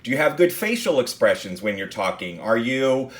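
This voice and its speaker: A man's voice: medium pitch, sing-song, moderate pace. A man teaching a class on speech delivery, talking in a loose, conversational way and asking the listener rhetorical questions. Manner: conversational, with many fillers and restarts. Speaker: instructor. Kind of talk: recorded lecture on speech delivery.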